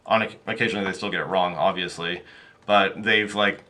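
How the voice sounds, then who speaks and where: Bright-voiced man, rambling and chatty. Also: deep voice, fairly even intonation, fairly quick. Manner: rambling, many fillers and restarts, laughs often. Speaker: podcast guest, game master. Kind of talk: casual interview chat.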